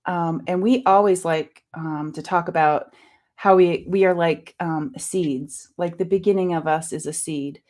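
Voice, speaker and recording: A woman with a fairly low voice muses slowly about spiritual growth. She speaks hesitantly, with many ums, and clears her throat from a lingering cough. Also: fairly even intonation. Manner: soft-spoken, musing, many fillers. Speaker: co-host. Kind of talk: reflective spiritual talk.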